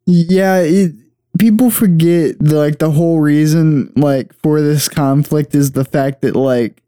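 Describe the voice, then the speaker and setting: A young man with a slightly higher, mellow voice searches for words and piles up fillers as he chats about a film. The recording is dry and up close. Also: clear, resonant tone, no echo. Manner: halting, lots of fillers. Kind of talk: casual movie watch-along chat.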